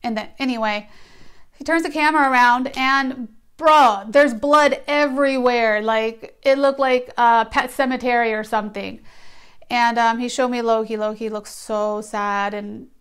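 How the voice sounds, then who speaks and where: A young woman tells a story to her camera in a relaxed vlog. Her voice is smooth and sits a little high. She is blunt and sarcastic, and she swears casually. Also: normal speed. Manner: blunt and profane, sarcastic asides. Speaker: vlogger.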